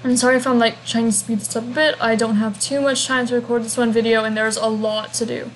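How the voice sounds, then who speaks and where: A woman's voice: on the high side, little pitch movement, quick pace, a little hiss or hum, low-quality recording. Chatty young woman narrating a game walkthrough. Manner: chatty and rambling, with humming fillers.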